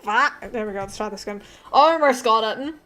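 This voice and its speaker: A young woman with an Australian accent and a slightly high voice chats on her live drawing stream. She swears often and mutters to herself as she works. Faint music plays in the background. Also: normal speed, bright, forceful tone. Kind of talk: casual live-stream chat while drawing.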